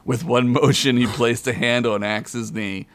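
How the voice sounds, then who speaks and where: A man's voice: fairly even intonation, a little slow, dry recording. A man reading a comedic fantasy story aloud on a podcast, chuckling often as he goes. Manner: reads aloud with frequent chuckles, loud high character voices.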